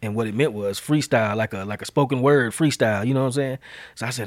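A man hosting a podcast, telling a story in a lively, slang-heavy way and acting out the quotes. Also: lowish voice, fast, dry recording. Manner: animated, slangy storyteller who acts out quotes. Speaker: podcast host. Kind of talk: casual storytelling chat.

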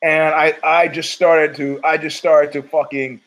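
A man's voice: a little high, flat delivery, a little slow, a bit bright, poor audio. A middle-aged man hosting a podcast, rambling through a profane, opinionated monologue full of restarts. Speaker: podcast host.

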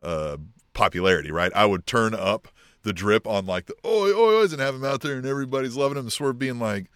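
A man with a lively, swinging pitch talks wrestling in relaxed podcast banter, laughing and dropping into wrestlers' voices to quote them. His voice is recorded close and completely dry, with no room sound. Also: fairly quick, clean tone, no echo. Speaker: podcast co-host. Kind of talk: casual wrestling booking chat.

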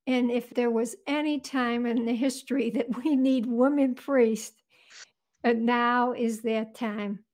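A woman's voice: a little high, steady tone, slow, darkish tone. A woman being interviewed as an author, earnestly recounting events in vivid detail. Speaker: guest author. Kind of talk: interview storytelling.

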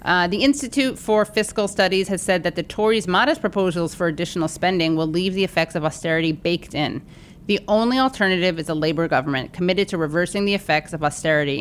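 A woman's voice: fairly low pitch, a little hiss or hum. A wry, chatty woman co-hosting a podcast, reading a letter aloud and trading jokey asides. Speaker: podcast co-host.

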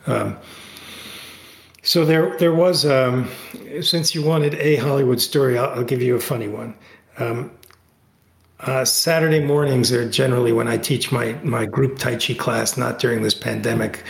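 Animated storytelling man, gravelly voice. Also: roomy sound. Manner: animated, restarts often, voice jumps high when excited. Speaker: guest, author and Tai Chi teacher. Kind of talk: casual storytelling in an interview. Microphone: video call.

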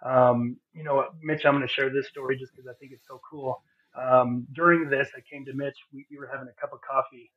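A podcast guest with a medium-pitched, slightly rough voice earnestly recounts his personal testimony, speaking from the heart. He restarts often and leans on fillers, and the sound is narrow like a phone.

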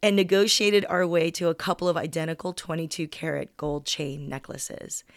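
Young woman comedian, lowish voice, dry close sound; reads her own story candidly, unedited, in one take. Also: dry recording. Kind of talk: reading a personal story aloud.

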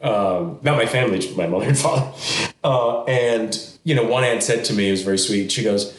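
A middle-aged man, a TV news anchor guesting on a podcast, telling personal stories candidly and acting out what his family said. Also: a little fast. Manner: animated, acts out quoted family members with sudden high pitch jumps. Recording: roomy echo.

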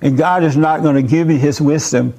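A man's voice: fairly high pitch, steady tone, brisk, mellow. A man preaching a sermon to a gathered audience. He talks bluntly and with emphasis, as the host of his own call-in show. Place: room with a live audience.

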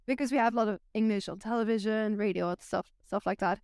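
A woman's voice: medium pitch, steady tone, fast, a little mellow, clean tone, no echo, studio quality. A Belgian woman, a native Flemish speaker, chatting frankly and casually on a podcast, with a Flemish accent and lots of "like". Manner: chatty, uses "like" a lot, frank. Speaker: guest.

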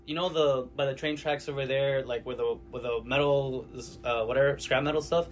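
A man's voice: mid-range voice, steady tone. A man hangs out as a guest in a comic shop, spinning a story that stops and restarts as he hunts for the right words. His mid-range voice stays casual and profane. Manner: rambling, halting storyteller who swears and searches for words. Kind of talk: casual chat.

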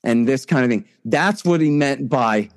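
A man giving conversational political commentary as an interview guest, emphatic and restarting often, his pitch climbing sharply when he gets indignant. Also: expressive, moderate pace.

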